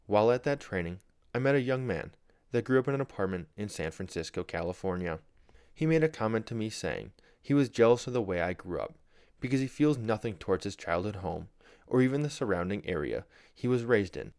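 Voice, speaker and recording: A man's voice: on the low side, lively intonation, a little fast, a little mellow, clean tone, no echo. A young man from Wisconsin hosting his solo podcast, reading a scripted monologue in an earnest, proud storytelling manner. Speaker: podcast host.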